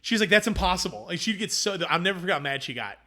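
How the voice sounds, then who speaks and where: A man's voice: high-pitched, very fast. A man, a food company founder, telling his story in a casual interview and acting out quoted conversations. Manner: animated, acts out quoted dialogue.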